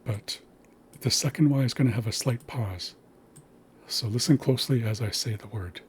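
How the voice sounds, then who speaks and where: A man's voice: mid-range voice, moderate pace, slight background noise. A man teaching a language lesson, patiently spelling out sounds and words.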